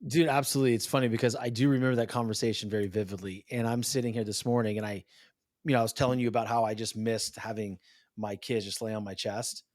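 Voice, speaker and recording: Animated man, dry close sound. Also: fairly low pitch, fast talker, no echo. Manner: animated storyteller, acts out quotes. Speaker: podcast host. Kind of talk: casual interview chat.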